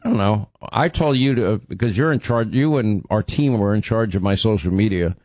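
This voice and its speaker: A man's voice: lowish voice, normal speed, darkish tone, no echo, studio quality. A man hosting a political commentary show, talking conversationally with a sarcastic edge. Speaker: host.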